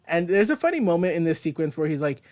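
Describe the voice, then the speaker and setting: Casual male comic-review host with a somewhat high voice, chatty and rambling, swears now and then. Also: sing-song, fast talker, darkish tone. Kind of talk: casual page-by-page comic commentary. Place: at home, with a dog nearby.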